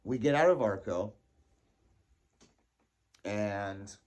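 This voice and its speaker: A man telling a casual personal story, animated and laughing, acting out his own panicked thoughts. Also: on the low side, extremely slow.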